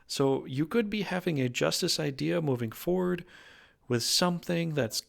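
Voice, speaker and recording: A man's voice: on the high side, moderate pace, creaky. A man giving a casual, jokey tarot reading, rambling with wordplay and self-corrections. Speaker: tarot reader.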